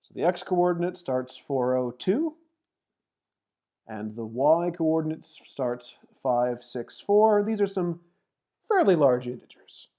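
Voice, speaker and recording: A woman lecturer talks through a recorded walkthrough of a math problem, thinking aloud as she types. Her delivery is slow and deliberate. Her voice has a mellow, warm tone. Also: deep voice, animated. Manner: methodical, thinks aloud while typing and reading out numbers. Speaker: mathematics lecturer.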